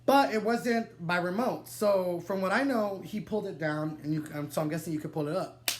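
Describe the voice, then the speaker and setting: A young man telling a wild personal story to the camera, animated and dramatic, swearing freely and laughing through his digressions. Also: sits high, normal speed. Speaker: vlogger. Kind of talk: storytime vlog, casual and profane.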